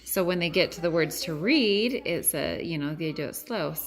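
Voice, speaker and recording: A woman's voice: lowish voice, expressive, moderate pace. A woman in her thirties, a mother chatting casually at home about teaching her kids, rambling with lots of fillers and switching to sing-song praise for her children. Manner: chatty and rambling, full of "like" and restarts. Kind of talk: casual home vlog chat.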